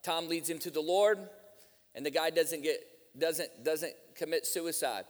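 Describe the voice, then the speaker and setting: High-voiced fervent male preacher. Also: unhurried, long reverb tail. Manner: storytelling, building to fervent exhortation. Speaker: guest preacher. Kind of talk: sermon. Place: church sanctuary.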